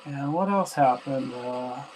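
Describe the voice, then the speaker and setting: A man's voice: medium pitch, slow, low-quality recording. A man at home running a ghost box session, who chats casually, asks spirits questions aloud and teases them about their answers. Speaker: paranormal investigator hosting a ghost box session. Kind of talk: casual spoken commentary while questioning spirits. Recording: steady static hiss from a ghost box.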